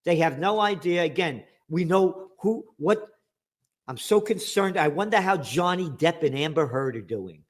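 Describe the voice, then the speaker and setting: A man's voice: on the high side, moderate pace. A man hosting a heated political talk show, reading from a source aloud and mocking it with sarcastic asides. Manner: sarcastic, animated, reads aloud and mocks the text. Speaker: show host.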